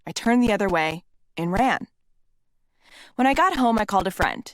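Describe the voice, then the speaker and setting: A woman's voice: mid-range voice, animated, moderate pace, no room sound. A woman reading her own self-help memoir aloud in a candid, conversational way, with blunt swearing. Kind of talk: memoir narration.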